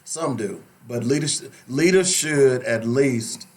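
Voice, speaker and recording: A man's voice: medium pitch, animated, takes it slowly. Blunt, wry man on talk radio.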